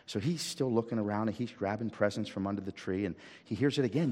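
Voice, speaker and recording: Male pastor, mid-pitched, animated storyteller who repeats words, reverberant church sanctuary. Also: fast talker, husky. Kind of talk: Christmas Eve sermon and prayer.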